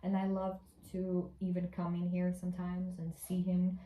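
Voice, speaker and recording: A young woman talking to camera in a casual personal vlog from her home, speaking softly and haltingly. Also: on the low side, completely flat delivery, reverberant. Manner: soft, tearful and halting, with small laughs. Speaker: vlogger.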